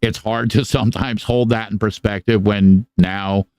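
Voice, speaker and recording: A middle-aged man hosting a live podcast, swearing freely as he rambles through stories. His voice sits low and smooth. It is close-miked and dry, with no room sound. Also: steady tone, normal speed, darkish tone, dry recording. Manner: profane, rambling storytelling. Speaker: podcast co-host. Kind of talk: casual live podcast monologue.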